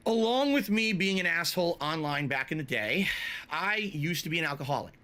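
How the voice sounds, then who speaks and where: A man delivering a confessional monologue in a bright, somewhat high voice. He speaks earnestly and haltingly and keeps checking in with the viewer. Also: expressive. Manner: earnest, halting, sprinkled with "all right" and "okay".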